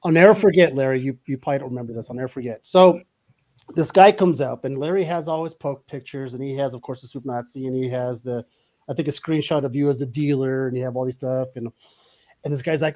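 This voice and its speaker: A man's voice: medium pitch, fast talker, darkish tone. A man hosting a podcast in casual chat, rambling and eager with lots of fillers. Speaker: podcast host.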